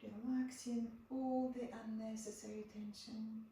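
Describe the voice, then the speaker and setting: Gentle yoga teacher woman in an echoey room. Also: fairly high pitch, flat delivery, measured pace. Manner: gentle, repeats soft cues. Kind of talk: guided yoga class instruction. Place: home room. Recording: echoey room, far from the mic, faint background.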